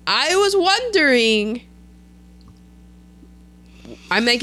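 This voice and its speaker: A woman co-hosting a casual chat, recapping a film in an animated way and acting out characters' lines. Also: unhurried, few pauses. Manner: chatty, animated, quotes characters in a lowered voice. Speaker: podcast co-host.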